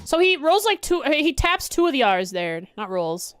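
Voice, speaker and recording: A giggly, self-deprecating woman streaming a game and chatting casually with her viewers. Her voice is high and lively, swinging across a wide range, and faint music plays behind her. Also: moderate pace. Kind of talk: casual livestream chat.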